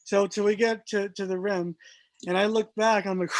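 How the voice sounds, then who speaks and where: A man guest telling a personal story in a casual, animated way, laughing often and using lots of fillers. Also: high voice, measured pace, pauses often, dry recording.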